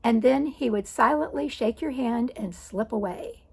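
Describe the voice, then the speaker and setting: An older woman in her sixties telling a personal story with a gravelly, husky voice pitched a little high. She speaks conversationally and with dry wit, often stopping to correct herself. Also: normal speed, darkish tone. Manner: conversational, self-correcting, wry. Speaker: vlogger.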